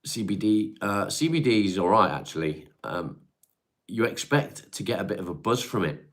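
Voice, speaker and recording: Low-voiced laid-back man chatting on stream. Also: animated, moderate pace. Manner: laid-back, swears casually, reads and answers viewer comments. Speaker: live-stream host reading chat. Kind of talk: casual live-stream chat.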